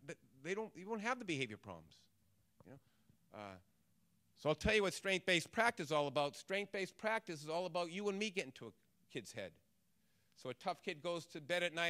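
A man giving a motivational talk as a trainer, telling stories in an animated way and acting out voices. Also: high voice. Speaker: trainer and speaker.

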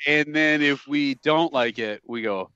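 A man's voice: a little high, steady tone, unhurried, pushed and bright, smooth, no room sound, dull audio. A man co-hosting a casual podcast, joking crudely and laughing often. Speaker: podcast co-host. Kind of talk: casual chat.

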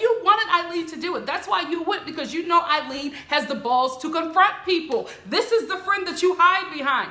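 A woman casually recapping a reality show, mimicking the cast members with bright put-on voices. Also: brisk, few pauses, reverberant. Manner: animated, mimics the people she recaps in a higher voice. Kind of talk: casual commentary.

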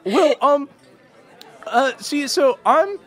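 A man's voice: extremely high pitch, lively intonation, extremely slow, a bit bright, a faint crowd, voice pushed up, heavily acted. A man voicing a nervous young male halfling scoutmaster who stammers and rambles anxiously.

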